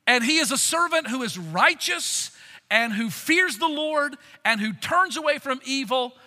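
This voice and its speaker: A man preaching a sermon in an earnest, expressive way, stopping often to ask his listeners rhetorical questions. His voice sits very high and sounds sharply bright. The sound carries the long reverb of a large church sanctuary. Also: unhurried. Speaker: pastor.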